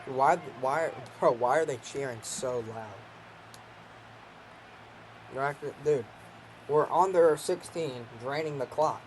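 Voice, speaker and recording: A young man casually commenting on a football video game he is playing, joking and swearing with bursts of excitement. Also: medium pitch, slow, long pauses, a little hiss or hum. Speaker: gaming channel host.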